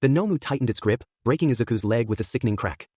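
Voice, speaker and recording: Man narrating a fan story briskly. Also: mid-range voice, expressive, warm tone, breathy edge, dry recording, studio quality. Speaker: fan fiction reader.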